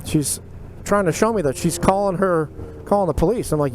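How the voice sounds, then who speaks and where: A man casually telling a personal story to the camera, animated, acting out his own replies in a raised voice. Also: high voice, a little fast, background noise.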